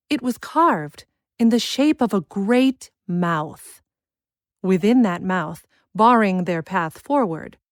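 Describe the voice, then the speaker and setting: A woman reading a children's fantasy story aloud in a measured, expressive style. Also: mid-range voice, no echo, studio quality. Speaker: narrator. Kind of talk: scripted audiobook narration.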